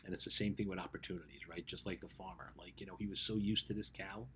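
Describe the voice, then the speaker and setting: A man with a fairly low voice gives a motivational talk in the easy manner of a coach speaking to teenagers. He tells a story, then turns to direct, conversational advice, often checking in with a quick "right?" A faint background sound sits under his voice. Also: a bit bright, a little hiss or hum. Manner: conversational, keeps asking "right?". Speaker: life coach for teens.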